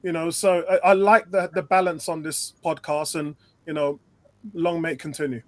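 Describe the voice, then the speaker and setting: Male podcast guest, high voice, emphatic, repeats himself. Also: steady tone, normal speed. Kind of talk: casual football chat.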